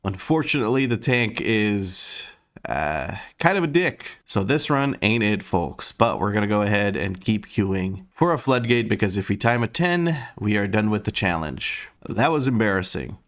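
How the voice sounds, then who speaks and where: A man's voice: on the low side, expressive, normal speed, few pauses, fairly bright tone. A man giving casual, sarcastic live commentary while playing a game, swearing and grumbling about his group. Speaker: streamer playing a dungeon run.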